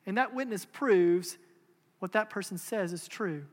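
A man's voice: high voice, measured pace. A man in his thirties delivers an earnest, emphatic sermon. He repeats phrases and asks rhetorical questions as he builds his point. His voice rings with the long reverb of a large hall. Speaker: pastor.

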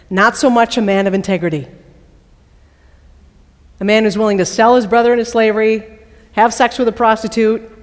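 A woman preacher giving a sermon, telling the story with playful asides and quizzing her listeners. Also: mid-range voice. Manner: lively storytelling, playful asides and questions to the audience. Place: large worship hall. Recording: long hall reverb.

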